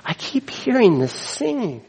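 A man's voice: high-pitched, sing-song, measured pace, gravelly, a little mellow, a little hiss or hum, poor audio. Earnest middle-aged man preaching. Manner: earnest, preaching with quoted scripture and asides. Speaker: pastor. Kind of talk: sermon.

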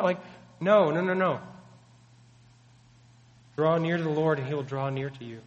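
Man, preacher, earnest, emphatic, fairly high voice, long echo of a hall. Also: normal speed, long pauses. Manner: earnest, emphatic teaching with rhetorical questions. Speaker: pastor. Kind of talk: sermon.

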